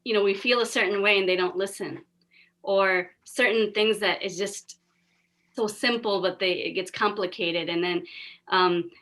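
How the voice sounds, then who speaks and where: Woman, casual conversation, earnest, emphatic, bright timbre. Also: medium pitch, steady tone, moderate pace. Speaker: podcast co-host. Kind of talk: casual chat.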